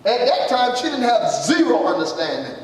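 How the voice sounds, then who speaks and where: A pastor preaches a sermon in a very high, very animated male voice, calling out to his congregation in an emphatic yet conversational way at a moderate pace. The mic is far off in an echoey hall, with faint background noise.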